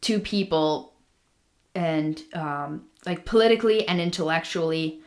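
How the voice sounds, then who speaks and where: A woman's voice: low voice, a little slow. A woman co-hosting a casual podcast, telling a history story with many ums and restarts. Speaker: podcast co-host.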